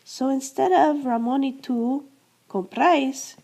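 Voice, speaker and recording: Slow, mellow woman teaching verb endings. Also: sits high, gravelly. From United States. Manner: explains step by step, repeats verb endings, asks and answers her own questions. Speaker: Spanish teacher. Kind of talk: classroom-style grammar lesson.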